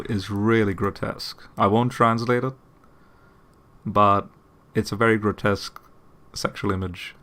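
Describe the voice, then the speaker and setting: A man's voice: on the low side, a little slow, a bit bright. A man hosting a channel, explaining a point in casual commentary, often repeating words and checking in with "okay?". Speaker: apologetics channel host.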